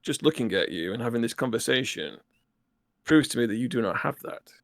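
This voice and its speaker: A man doing a gravelly blunt military captain. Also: medium pitch, lively intonation, fairly quick, no echo. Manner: curt and threatening. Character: blunt no-nonsense male military starship captain.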